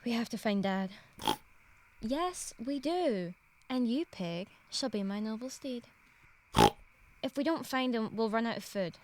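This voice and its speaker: A woman voicing a brave, earnest young girl who wants to be a knight, in an animated story. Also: a little high, measured pace, pauses often, noisy background. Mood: determined. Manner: earnest, determined, bossy with her pig.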